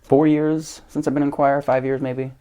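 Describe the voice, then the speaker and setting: A man's voice: medium pitch, level tone, moderate pace, dark tone, clean tone. A young man with a grainy voice, a jiu-jitsu coach telling stories as a guest in a casual chat, full of fillers and laughs. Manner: rambling storyteller, many fillers and laughs.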